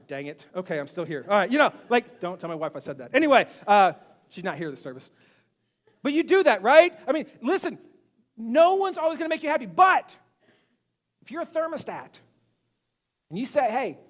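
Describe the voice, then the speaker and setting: A male pastor preaching a sermon to a church congregation, animated, swinging between loud emphasis and quiet asides. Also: extremely high pitch. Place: church sanctuary.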